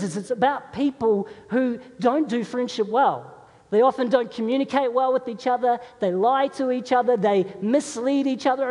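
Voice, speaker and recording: A man's voice: very high-pitched, darkish tone. A man, a pastor, preaching a sermon in a conversational, storytelling way and putting questions to his congregation. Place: church. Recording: long reverb of a large hall.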